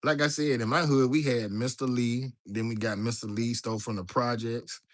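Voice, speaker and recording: Man, livestream host, loose casual chat, mid pitch. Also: steady tone, normal speed. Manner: loose, chatty, talks to viewers directly, reads chat aloud.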